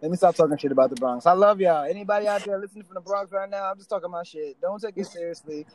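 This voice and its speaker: A young man, telling a story in a casual podcast chat, animated, swearing freely and laughing often. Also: high voice, rapid-fire. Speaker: podcast co-host.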